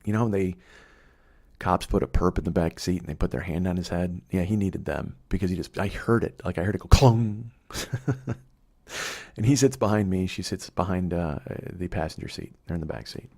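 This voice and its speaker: Man, deep voice, middle-aged, swearing a lot, comedic storytelling monologue. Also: normal speed, warm tone. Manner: profane, rambling, conversational. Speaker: podcast host.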